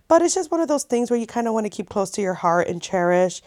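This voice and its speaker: A woman's voice: mid-range voice, rapid-fire, gravelly, few pauses, no room sound, studio quality. A woman in her thirties telling a story in a casual, chatty vlog, full of fillers and swearing. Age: 30s. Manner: chatty, animated, many likes and swears. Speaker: vlogger.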